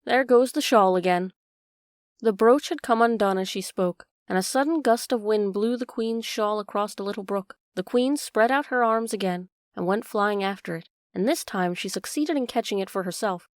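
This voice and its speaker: A woman narrating a classic storybook in a steady, even reading. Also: mid-range voice, moderate pace, few pauses, no echo, clean studio sound.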